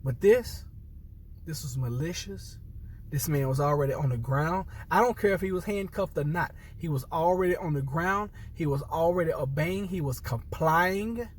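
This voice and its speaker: An upset military veteran speaks earnestly to viewers in a slightly high voice at a moderate pace, repeating himself and restarting phrases as he holds back tears in this impassioned personal commentary to camera. He's far from the mic, with a little hiss or hum.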